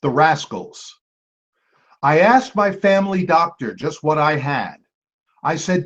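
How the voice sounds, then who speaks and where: A man hosting a trivia game. He reads each clue twice and adds chatty asides and quick apologies to the teams. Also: fairly high pitch, animated. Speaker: quiz host. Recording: dull lo-fi recording.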